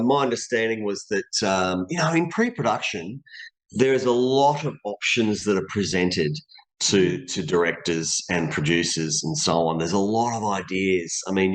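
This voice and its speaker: An Australian man, a voice actor being interviewed, talking in a loose, rambling way and laughing easily. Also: fairly low pitch. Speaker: voice actor guest. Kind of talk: casual interview chat.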